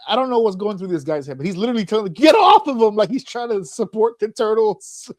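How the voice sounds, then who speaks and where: Fast and high-pitched, this male podcast co-host swears his way through comedic anecdotes and performs the voices of the people in them. The studio recording is dry.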